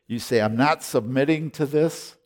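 Delivering a sermon, this male pastor recounts a personal story and exhorts the congregation, alternating quiet, unhurried passages with loud, forceful statements. He speaks with a mid-range voice.

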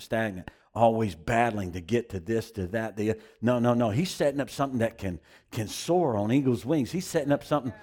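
A pastor with a mid-range, somewhat dark voice preaches a sermon emphatically, repeating phrases to drive his points home.

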